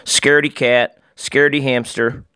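A man's voice: medium pitch, flat delivery, moderate pace, pushed and bright, smooth, no echo, pitched above the performer's own voice, natural voice. A man voicing a schoolboy who taunts a classmate, in a storybook reading. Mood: taunting. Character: teasing schoolboy bully.

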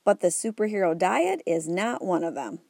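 A woman reads a children's story aloud in a wry, even manner. Her voice is low and mellow, recorded close and dry. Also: normal speed, vocal fry, dry recording. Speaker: narrator. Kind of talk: audiobook narration.

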